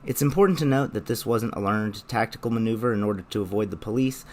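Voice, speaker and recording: A young man narrating a scripted video essay in a measured, explanatory way. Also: lowish voice, darkish tone.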